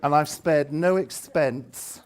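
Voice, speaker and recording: A man leading a lively workshop demonstration, theatrical and teasing as he directs volunteers. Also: fairly high pitch, slow. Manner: theatrical, playful, teasing volunteers with exaggerated delight. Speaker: education trainer leading a seminar.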